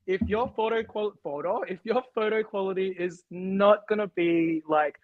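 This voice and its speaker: A man's voice: sits high, moderate pace, no echo, phone-quality sound. An Australian man in his thirties co-hosting a podcast, chatting casually, laughing often and ranting with energy. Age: 30s. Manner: giggly, animated ranting. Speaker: podcast co-host. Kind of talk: casual chat.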